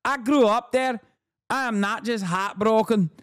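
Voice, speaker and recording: A man's voice: high voice, measured pace, clean tone, no room sound, studio quality, voice pushed up. Man mocking a pompous outraged commentator. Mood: pompous outrage. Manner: exaggerated, theatrical, melodramatic reading. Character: pompous indignant male commentator, mock foreign accent.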